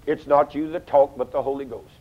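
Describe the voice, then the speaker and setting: An older man preaching a sermon, folksy and storytelling, swinging between loud outbursts and hushed asides. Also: mid-range voice, fairly even intonation, fairly quick. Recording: dull lo-fi sound.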